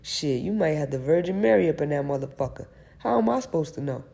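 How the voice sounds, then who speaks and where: A woman's voice: deep voice, expressive, fast, gravelly, mellow. A woman voicing a brash, slangy male friend who mocks his buddy over the phone in an audiobook. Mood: mocking.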